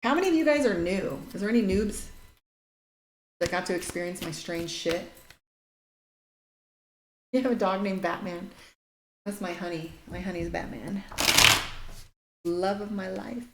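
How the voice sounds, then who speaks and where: Unhurried and pausing often, a woman with a mid-range voice gives casual live tarot readings. Of Irish heritage, she reads out viewer comments, chatting bluntly and swearing occasionally, in an echoey room with a faint noise.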